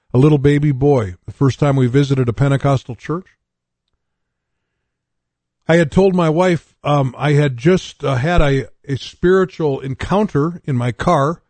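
An older male preacher from North Dakota delivers an earnest radio sermon, weaving personal testimony with scripture. His voice sits a touch high for a man and is recorded close and dry, with no room sound. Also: a little mellow, no room sound.

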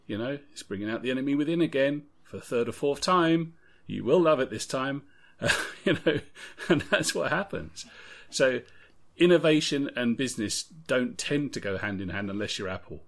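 A man co-hosting a podcast, talking about tabletop games in a rambling, opinionated way. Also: medium pitch. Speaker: podcast co-host. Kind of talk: casual podcast discussion.

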